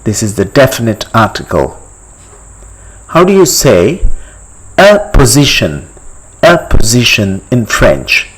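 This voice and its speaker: A man teaching a step-by-step language lesson, repeating each word slowly and quizzing the listener. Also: mid-range voice, big pitch swings, a bit bright, husky, poor audio. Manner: slow, deliberate, repeats each word for practice; asks the listener questions and pauses for answers.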